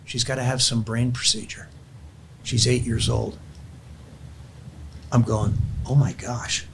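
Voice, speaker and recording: A man's voice: medium pitch, little pitch movement, slow pace, gravelly, a little hiss or hum. An older man, a grandfather and podcast guest, telling a heartfelt family story in an earnest, conversational way and closing in prayer.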